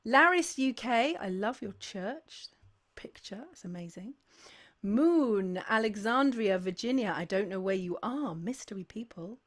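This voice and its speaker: Hosting a sing-along livestream, a woman chats casually in an unhurried, expressive, medium-pitched voice. She gushes with thanks and reads out viewer names one after another.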